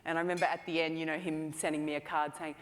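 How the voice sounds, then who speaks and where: On a conference hall stage, a woman film director gives a talk, telling stories chattily with lots of "you know" fillers. Her voice sits low with a flat, rapid-fire delivery, and the recording carries long hall reverb.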